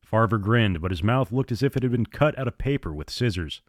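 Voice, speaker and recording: Low guy reading a story out, measured pace, dry no-echo sound. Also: lively intonation. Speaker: narrator. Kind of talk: storybook narration.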